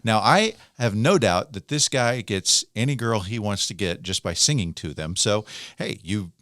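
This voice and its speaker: A man co-hosting a podcast in relaxed casual chat, often giving short replies. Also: on the low side, moderate pace, dry recording, clean studio sound. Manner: relaxed, chatty, frequent short backchannels. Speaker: podcast co-host.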